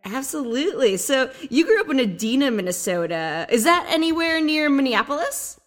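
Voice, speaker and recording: A woman's voice: high-pitched, expressive, brisk. Upbeat woman podcast host. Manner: upbeat, reads scripted intros then chats. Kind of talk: podcast interview.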